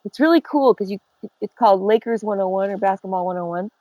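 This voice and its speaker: An older woman on a call-in podcast trades celebrity stories with a gossipy, animated delivery. Her voice sits at a middle pitch and sounds dry and close, with no room around it. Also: fast talker, no room sound, rough recording. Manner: gossipy, animated storyteller who laughs often. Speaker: guest. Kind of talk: casual chat. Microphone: remote call.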